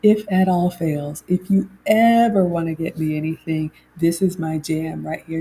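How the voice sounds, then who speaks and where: A woman's voice: low-pitched, measured pace, dark tone, husky. A middle-aged woman hosts a chatty livestream and reads viewer comments aloud. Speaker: host. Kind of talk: casual livestream chat.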